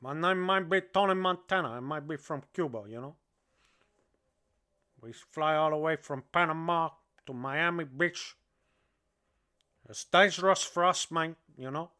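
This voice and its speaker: A man's voice: fairly high pitch, a little slow, long pauses, sharp tone, smooth. A man putting on a brash Cuban gangster with a Cuban Spanish accent, rambling and boastful with constant "man"s. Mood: swaggering. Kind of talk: comedic impression on a livestream.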